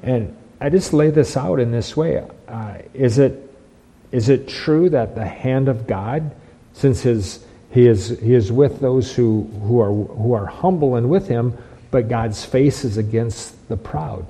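Husky-voiced male pastor preaching. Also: medium pitch, unhurried, mellow, poor audio. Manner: emphatic preaching with frequent restarts and repeated phrases. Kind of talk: sermon.

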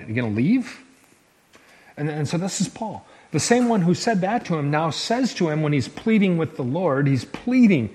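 A man's voice: a little high, a little mellow, rough recording. A male pastor preaching a sermon to his church in an emphatic, conversational way, often restarting his phrases.

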